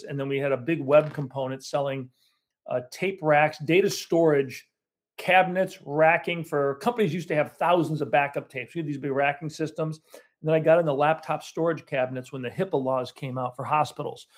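A man, a business owner, telling his story in a casual interview with many restarts and fillers. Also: a little high. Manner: rambling, self-correcting storyteller.

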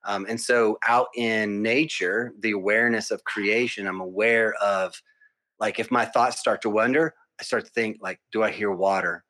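A man speaking as a podcast guest, calm and meditative, talking through vivid everyday examples. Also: lowish voice, normal speed. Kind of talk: casual conversation.

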